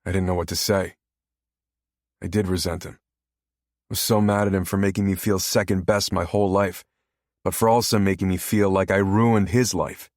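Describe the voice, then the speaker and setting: Deep-voiced male audiobook narrator. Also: fairly even intonation, moderate pace, a little mellow, no echo, studio quality.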